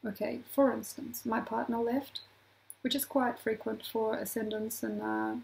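A woman astrologer talking casually to her viewers, animated, acting out little quoted voices and laughing often. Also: fairly high pitch, unhurried, gravelly, background noise. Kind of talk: casual astrology talk to camera.

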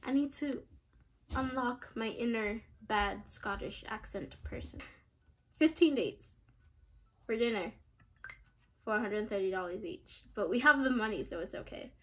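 A woman's voice: on the high side, a little slow, pauses often. A woman giving casual gaming commentary, chatty, giggly and self-deprecating. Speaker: game streamer.

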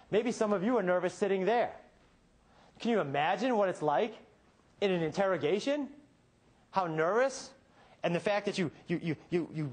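A defense attorney making a closing argument to a jury, pressing rhetorical questions with dramatic pauses and sudden shifts between quiet and emphatic. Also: male voice, sits high. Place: courtroom.

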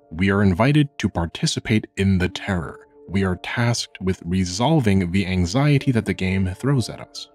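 Young man, slight vocal fry, lowish voice, earnest scripted video essay narration, faint music behind. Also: a little mellow. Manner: measured, earnest and reflective.

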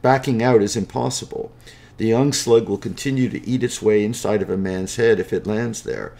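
A man's voice: lowish voice, steady tone, moderate pace, creaky, mellow. A man voicing a sly, scheming male slug seller who talks in an oily, wheedling, folksy way in a spoken storybook.

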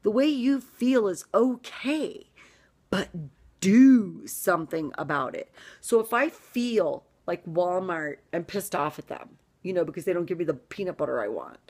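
A middle-aged American woman delivering a fired-up vlog rant, emphatic and swinging between loud punches and hushed asides. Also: on the low side, lively intonation, measured pace, husky. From United States. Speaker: vlogger. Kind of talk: ranting vlog monologue.

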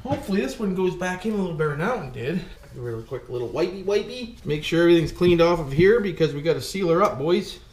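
A man's voice: a little high, animated, fast, darkish tone. A man giving casual, jokey commentary while he rebuilds an engine, talking to himself and calling his viewers "boys". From Canada. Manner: talks to himself while working. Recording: echoey room with background noise.

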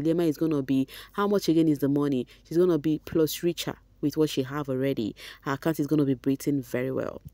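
A woman's voice: low-pitched, dark tone, dry recording. Chatty woman vlogger. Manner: chatty, reads comments aloud, sprinkles Nigerian Pidgin. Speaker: vlogger reading fan comments. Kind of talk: casual commentary.

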